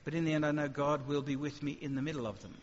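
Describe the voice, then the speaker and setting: A man delivers a talk on faith to a gathered audience, animated and conversational, breaking into quick acted asides. His voice sits fairly high. The recording is muffled and dull, carries a long hall reverb and a faint hiss underneath. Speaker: speaker. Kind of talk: evangelistic talk with questions.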